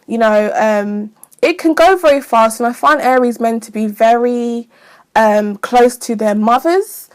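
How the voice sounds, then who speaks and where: A woman's voice: on the high side, a little slow, clean tone. A woman giving casual astrology advice in a frank, profane, chatty way. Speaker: astrology vlogger.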